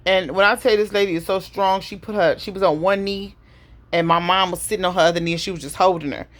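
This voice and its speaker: Middle-aged woman telling her own hard story, kinda low voice, heavy, sighing between bits. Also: steady tone. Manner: heavy, emotional retelling with pauses and sighs. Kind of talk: personal storytelling to camera.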